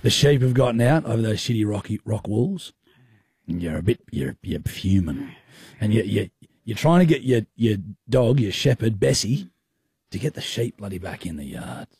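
A man's voice: fairly low pitch, very animated, moderate pace, darkish tone, slightly rough, no room sound, clean studio sound. A man hosting a radio show, bantering and teasing his co-host with lots of laughter. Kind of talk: casual banter.

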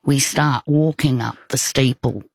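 An older woman, telling a personal story in casual conversation, rambling warmly with restarts and asides. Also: rumbling low, a little slow, gravelly, slightly rough, no echo.

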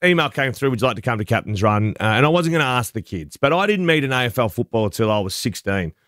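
A man's voice: medium pitch, big pitch swings, fast, fairly bright tone, no echo, clean studio sound. A man with an Australian accent, co-hosting breakfast radio and telling a self-mocking story in casual banter. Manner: chatty, self-mocking storyteller who acts out voices in quotes.

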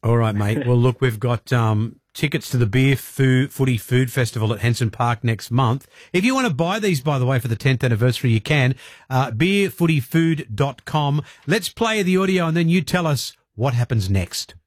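Australian man, radio host, upbeat casual banter, dry studio sound, middle pitch. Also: expressive, dry recording. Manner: brisk, upbeat presenting.

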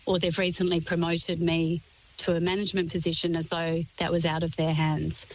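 A woman's voice: on the low side, little pitch movement, normal speed, slight background noise, rough recording. Composed woman explaining. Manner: composed, articulate explaining in lists. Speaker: expert guest. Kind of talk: radio interview.

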